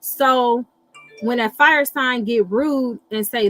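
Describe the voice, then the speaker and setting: A middle-aged woman hosting a casual live chat, animated and blunt, swearing freely and reacting to viewer comments. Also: on the high side, slow pace, faint music behind, rough recording. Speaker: livestream host reading astrology.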